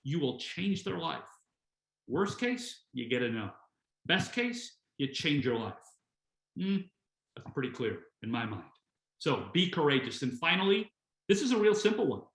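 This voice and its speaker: Guy doing a hype webinar talk, high voice that swoops around a lot, keeps asking questions and repeating himself. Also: very animated, a little slow, pauses often, fairly bright tone, reverberant, poor audio. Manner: emphatic, rhetorical questions, repeats phrases. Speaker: company president addressing distributors.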